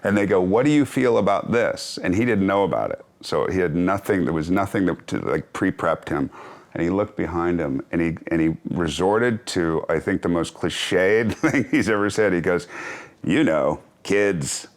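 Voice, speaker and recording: A man's voice: deep voice, normal speed. A man in his fifties, an actor being interviewed, talking candidly in a reflective, wry, self-deprecating way with chuckles. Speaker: actor and author, interview guest.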